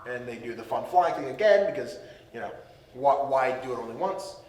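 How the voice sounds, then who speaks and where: A man's voice: mid-range voice, expressive, fairly quick, reverberant, recorded from a distance, noisy background. A man hosting a casual podcast, animatedly recapping a movie and acting out the characters in silly voices. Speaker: podcast host.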